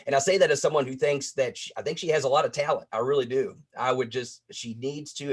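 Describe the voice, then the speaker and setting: A man co-hosting a casual podcast, giving long, opinionated explanations like a wrestling trainer. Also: mid-range voice. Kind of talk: casual chat.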